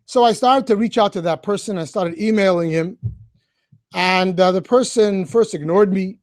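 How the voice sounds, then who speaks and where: A middle-aged man speaks as a rabbi to schoolchildren, spinning an animated story and calling out to them directly. His voice sits fairly high for a man. The sound is dry and close, with no room around it. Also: moderate pace, no echo. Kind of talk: storytelling talk.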